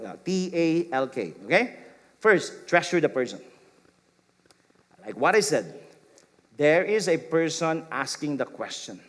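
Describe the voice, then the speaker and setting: A middle-aged man preaching a sermon as pastor, repeating phrases and acting out gentle replies. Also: fairly high pitch. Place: church sanctuary. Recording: long hall reverb.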